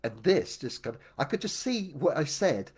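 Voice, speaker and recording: Husky older man telling his story. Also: fairly high pitch, big pitch swings, moderate pace, darkish tone. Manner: meandering, reflective, with many restarts. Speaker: memoir storyteller. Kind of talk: casual first-person storytelling.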